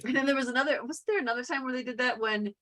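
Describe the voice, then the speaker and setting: A woman co-hosting a podcast in casual chat, chatty and quick to laugh. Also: sits high, a bit bright. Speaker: podcast co-host. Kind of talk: casual chat about a TV comedy.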